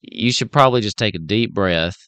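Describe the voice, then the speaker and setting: A man's voice: lowish voice, expressive, fairly quick, fairly bright tone, clean tone, no echo. A man playing a tabletop game in character, easygoing and stammering. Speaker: player.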